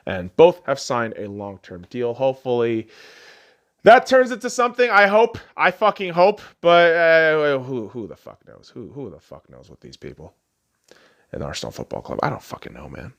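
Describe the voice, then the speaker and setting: A young man hosting a podcast, delivering a profane sports rant that swings between shouting and low muttering. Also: very animated, moderate pace, vocal fry. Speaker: podcast host.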